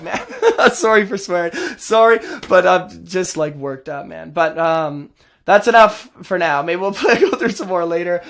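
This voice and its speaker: A man hosts his own show and rants at length, his voice sitting high for a man. He swings between sarcasm and mockery as he gets more and more worked up. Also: a bit bright. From Canada. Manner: sarcastic, heated, mocking. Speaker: host. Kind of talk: ranting political commentary.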